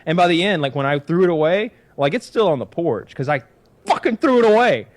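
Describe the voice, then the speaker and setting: A man's voice: fairly high pitch, expressive, fast talker. Man, podcast host, casual chat, rambling, exasperated, swearing.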